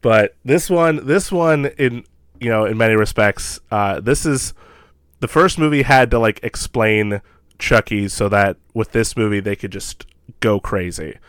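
A podcast co-host with a lowish, slightly slow, somewhat bright and smooth voice recaps a horror film in casual chat, laughing often and acting out quoted lines. The recording is dry, with clean studio sound.

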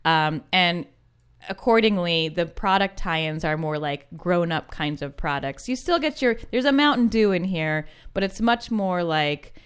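A woman's voice: fairly low pitch, animated, a little slow, smooth. A woman co-hosting a podcast, chatting casually and laughing as she describes old ad clips. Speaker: podcast co-host. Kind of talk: casual chat.

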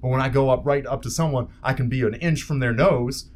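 A man's voice: medium pitch, a little fast. A man in casual chat, bluntly telling stories with plenty of swearing and acting out what people said. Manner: blunt, profane storyteller who acts out quotes.

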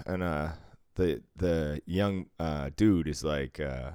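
A man's voice: low-pitched, measured pace, clean tone, no echo, clean studio sound. A man in his fifties from Cambridge with a Boston accent, swearing freely while telling stories in a casual chat. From Cambridge, Massachusetts. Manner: profane, animated storytelling.

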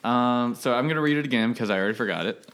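A man's voice: mid-range voice, rapid-fire, fairly bright tone, clean tone. A man co-hosting a podcast in casual chat, playful and giggly. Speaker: podcast co-host.

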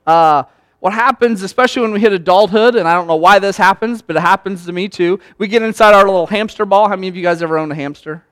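A man preaching a sermon as pastor in a conversational, animated way, often acting out quoted lines. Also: high-pitched, quick pace, clean tone, dry recording.

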